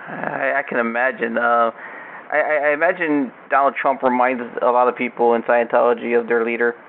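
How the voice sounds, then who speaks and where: A man hosting a podcast interview, casual and halting, repeating words as he works toward his point. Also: mid-range voice, steady tone, gravelly. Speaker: podcast host. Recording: tinny phone-line sound with faint hiss.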